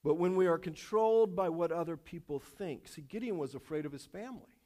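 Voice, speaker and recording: Animated pastor with a high, lively voice. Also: male voice, fairly quick. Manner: animated, repetitive, with self-aware jokes. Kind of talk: sermon.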